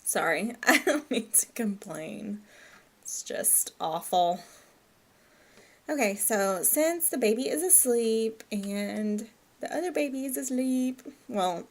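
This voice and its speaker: A woman's voice: a little high, expressive, slow. A woman giving casual let's-play commentary, chatty and apologetic, often laughing at herself. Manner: chatty, apologetic, giggly asides. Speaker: gameplay commentator.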